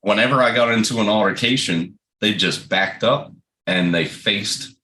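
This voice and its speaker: A very deep-voiced man with a Southern American drawl talks in a relaxed, casual way. His stories come out blunt and full of swearing. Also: normal speed, a little hiss or hum. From Southern United States. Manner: blunt, profane storytelling. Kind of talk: casual chat.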